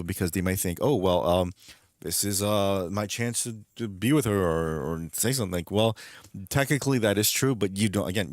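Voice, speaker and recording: A man with a fairly low voice holds forth as a stream host, rambling through his opinions. He leans hard on his points and repeats them. The sound is dry and close, with little room tone. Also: dry recording. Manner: rambling, emphatic, repeats himself. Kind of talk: casual gaming stream commentary.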